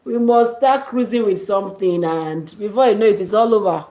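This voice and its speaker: A Nigerian woman vlogger chats casually in a warm, medium-pitched voice at a moderate pace, laughing often and slipping into Pidgin slang. The recording is rough and sounds roomy.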